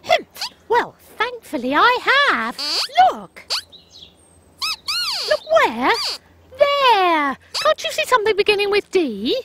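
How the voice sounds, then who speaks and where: A woman's voice: extremely high pitch, very animated, slow pace, very noisy, heavily acted. A woman voicing a cheerful, bossy female panda puppet on a children's TV show, coaxing patiently like a schoolteacher. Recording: music bed under the voice. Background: music.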